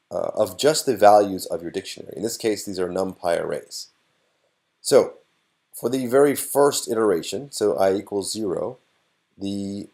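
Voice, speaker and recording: A man's voice: on the low side, dark tone. A man teaching a programming course, explaining step by step with frequent fillers as he types. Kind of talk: screen-recorded coding tutorial.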